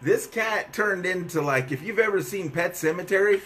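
A man co-hosting a faith talk show, excitable and chatty, cheering with hallelujahs and come-ons. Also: sits high, moderate pace, background noise. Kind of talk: casual preaching chat.

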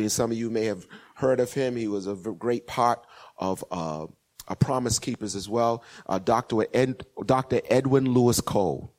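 A man preaching a sermon in a call-and-response style, building to emphatic peaks and checking in with his congregation. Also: medium pitch. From West Indian parents. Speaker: pastor.

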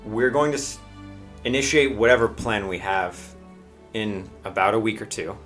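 A man runs a tabletop game in a loose, chatty way, stopping for fillers as he goes. His voice is bright and clear, with faint music playing behind him. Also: lowish voice, steady tone, moderate pace. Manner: casual and chatty, frequent fillers. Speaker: game master.

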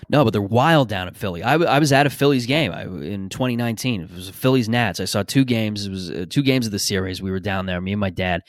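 A man's voice: fairly low pitch, quick pace, hardly any pauses, no echo, studio quality. A man hosting a podcast in a casual, rambling, opinionated monologue, swearing freely. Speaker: podcast host.

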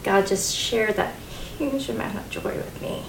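A middle-aged woman co-hosting a casual faith talk, telling a personal story in an animated way and laughing often. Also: fairly high pitch, unhurried, vocal fry, slight background noise. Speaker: co-host. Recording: echoey room.

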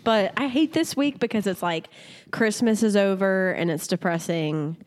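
A woman's voice: medium pitch, moderate pace, a little mellow. A woman co-hosting a podcast in casual chat, blunt and sarcastic, laughing often. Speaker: podcast co-host.

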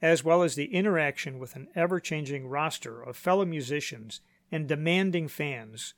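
A man hosting a podcast, reading a scripted narration in a measured, announcer-like way. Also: a little high, vocal fry, no echo. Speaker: podcast host. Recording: dry voice-over with faint music.

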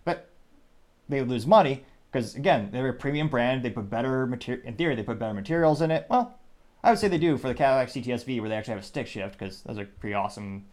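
A man's voice: mid-range voice, animated, fast talker, a little mellow. A man hosting a podcast, delivering an opinionated commentary monologue in a sarcastic, dismissive tone that rambles with many restarts. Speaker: podcast host.

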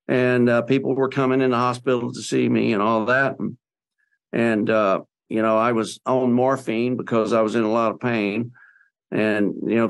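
A man's voice: mid-range voice, creaky. A man, a podcast guest, telling a personal story in an earnest, conversational way with plenty of fillers and restarts.

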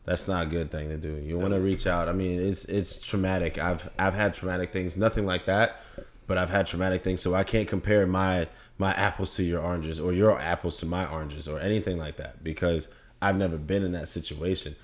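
A man's voice: low-pitched, fairly even intonation, fairly quick. A young man, a podcast guest, telling a personal story in an open, reflective way during a casual conversation.

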